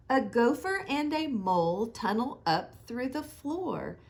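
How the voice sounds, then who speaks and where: Woman reading a kids' book aloud, very slow, lively pitch, sing-song. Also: creaky. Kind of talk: children's picture book read-aloud.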